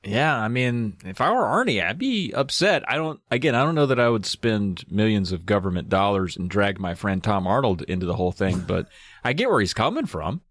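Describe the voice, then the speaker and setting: A man with a lowish voice banters on a movie podcast, full of jokey asides and quick reactions. The sound is dry and close to the mic. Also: big pitch swings, a bit bright, no room sound. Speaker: podcast co-host.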